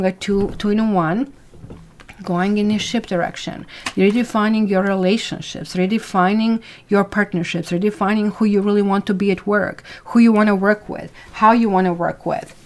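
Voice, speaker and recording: A woman's voice: medium pitch, steady tone, moderate pace, darkish tone. Chatty woman tarot reader. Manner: chatty and rambling, thanks viewers by name. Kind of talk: live weekly tarot reading.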